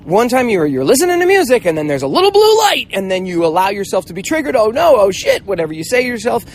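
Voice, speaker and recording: A middle-aged man hosts a motivational mentoring talk, telling stories casually and animatedly, acting out voices and swearing now and then. His voice sits high and he speaks fast.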